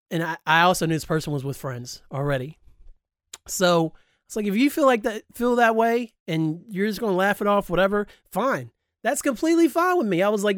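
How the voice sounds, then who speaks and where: A man's voice: high-pitched, lively intonation, normal speed, no echo, clean studio sound. A man hosting a podcast, talking candidly and emphatically in a personal monologue, swearing freely. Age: adult, grew up past high school. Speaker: podcast host.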